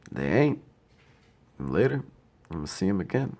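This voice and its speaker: A man's voice: fairly low pitch, sing-song, a little fast, creaky, pauses often, darkish tone. A man in his thirties from Ohio, grieving his younger brother in a blunt, profane, heartfelt monologue. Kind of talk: personal tribute monologue.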